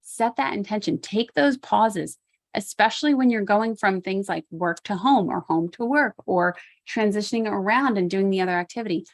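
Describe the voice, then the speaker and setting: A woman's voice: medium pitch, moderate pace, no echo. A woman guest-hosting a talk on self-care, encouraging and laughing often as she repeats key points. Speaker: guest host.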